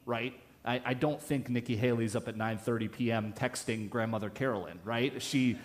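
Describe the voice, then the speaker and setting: A man's voice: medium pitch, fairly even intonation, moderate pace, hardly any pauses. A man preaching a conversational sermon in church, telling a story casually with many restarts. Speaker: pastor.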